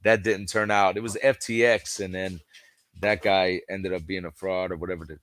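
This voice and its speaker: His voice sits low and a bit bright, with a flat delivery at normal speed on a dry recording. Guesting on a podcast, this football fan rambles through casual stories, performing quoted dialogue and filling gaps with constant "you know"s.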